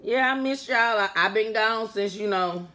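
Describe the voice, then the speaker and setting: A young woman chatting loudly and playfully to her viewers while eating a meal on mic. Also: medium pitch, normal speed. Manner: chatty, loud and playful, talks to viewers as friends; eats on mic between remarks, with mouth sounds. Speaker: food vlogger. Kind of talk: casual mukbang eating vlog.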